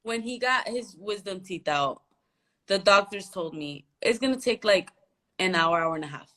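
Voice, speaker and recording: A woman's voice: medium pitch, animated, moderate pace, sharp tone. A woman from Phoenix in the United States, telling a story in a casual chat, laid-back and slangy, quoting what others said. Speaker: guest fighter.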